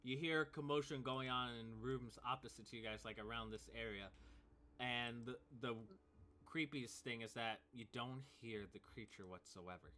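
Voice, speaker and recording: A man's voice: medium pitch, moderate pace, pushed and bright, a little hiss or hum. A man narrating as game master of a tabletop game, talking loosely with many fillers. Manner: loose, filler-heavy narration with acted cultist outbursts.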